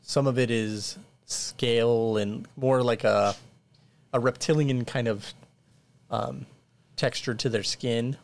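A man narrating as dungeon master of a tabletop game, describing scenes in a halting way with frequent pauses and restarts. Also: medium pitch, vocal fry. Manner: halting, many fillers and restarts while describing.

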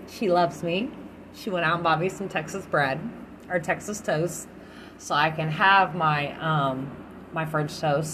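A woman's voice: sits low, slight background noise. A young adult woman hosting her own podcast, chatting candidly and swearing freely. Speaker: podcast host. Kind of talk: casual solo podcast chat.

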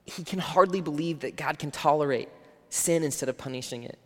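A man preaching a sermon in an earnest, conversational way, his voice sitting a little higher than most men's. He sometimes sinks almost to a whisper. A long reverb from a big hall trails after his words. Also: brisk, a bit bright. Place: church hall.

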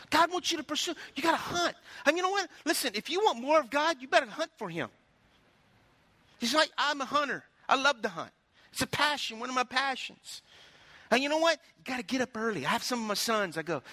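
A middle-aged male pastor preaching in a folksy, storytelling way, pressing the congregation for responses. His voice sits very high and sounds very bright and sharp. The sound is close and dry. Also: lively intonation, fairly quick, no echo. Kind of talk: sermon.

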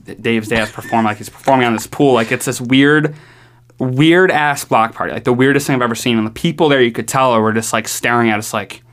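A man's voice: medium pitch, brisk, a bit bright. A young man with a New York accent casually telling a story on a podcast, rambling with lots of "like" and swearing freely.

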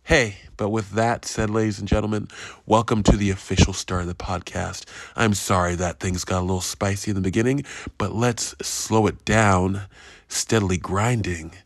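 A man's voice: fairly low pitch, steady tone, moderate pace, no room sound, clean studio sound. A man hosting a casual solo podcast, reviewing a movie in a rambling, profane, self-interrupting way. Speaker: podcast host.

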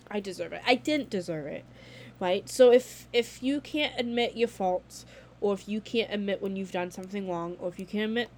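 A woman's voice: on the high side, slight background noise. A young woman talking casually to camera in a vlog, candid and blunt, swearing freely and filling her speech with "like.".

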